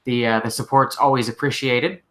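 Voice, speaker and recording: A man hosting a casual live-stream Q&A, answering questions as a working mechanic, relaxed and rambling with lots of "like" and "you know". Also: mid-range voice, a little fast. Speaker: host answering viewer questions; mechanic, shop owner.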